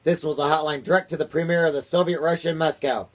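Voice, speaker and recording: A man's voice: fairly high pitch, steady tone, fast talker. A man, a father reading a children's chapter book aloud to his daughter in a casual way. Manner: casual read-aloud, occasional chuckles.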